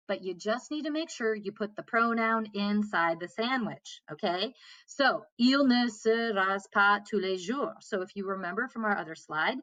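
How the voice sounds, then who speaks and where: A woman's voice: mid-range voice, fairly bright tone, no room sound. A woman French teacher explaining grammar to her class in a patient way, often checking in with "okay?" and repeating key points. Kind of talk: classroom lesson.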